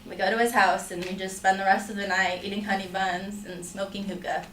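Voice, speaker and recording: A woman's voice: mid-range voice, little pitch movement, brisk. A young woman telling a personal story to an audience in a chatty way, full of filler words. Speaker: student storyteller. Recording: roomy, distant mic, faint hum.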